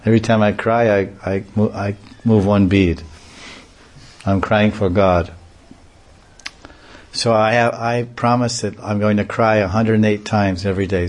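A man's voice: fairly low pitch, darkish tone. A man giving a devotional talk, telling humorous anecdotes and often chuckling. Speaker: devotional preacher. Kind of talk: lecture with acted anecdotes.

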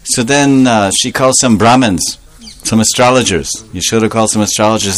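A man telling a devotional story as a sermon, animated and playful, laughing often and adding joking asides. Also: fairly low pitch, moderate pace, few pauses.

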